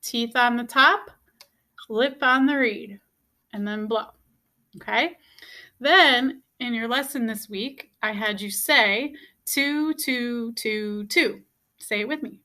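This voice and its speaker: Slow and sharp-toned, a woman with a higher voice teaches a beginner music lesson on video. She repeats each step patiently and keeps checking in with "okay?".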